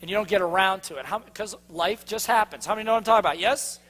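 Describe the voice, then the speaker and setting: High-voiced emphatic male sales speaker. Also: fast, a bit bright. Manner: emphatic, constantly quizzing the audience. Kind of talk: live seminar talk.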